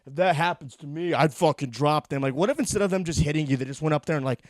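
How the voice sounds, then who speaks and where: A young man hosting a solo podcast, rambling crudely, swearing, and laughing at his own dark jokes. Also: a little high, quick pace, no room sound, studio quality. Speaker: podcast host.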